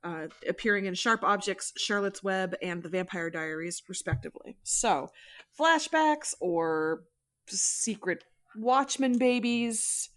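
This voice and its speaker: Female podcast co-host, mid-pitch voice, playful and joking while reading news. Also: unhurried, fairly bright tone. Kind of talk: casual chat.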